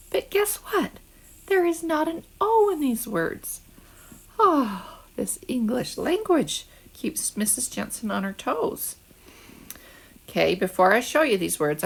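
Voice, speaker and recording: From home rather than school, a woman teacher gives second graders a slow, patient phonics lesson and asks them to repeat words after her. Her voice is on the low side and gravelly, with a little hiss or hum in the background.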